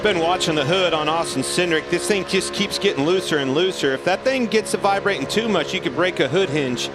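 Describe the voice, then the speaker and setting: Folksy man explaining race tactics, slightly high voice, loud music underneath. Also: fairly quick, poor audio. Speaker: race analyst. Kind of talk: race commentary. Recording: loud music behind the commentary.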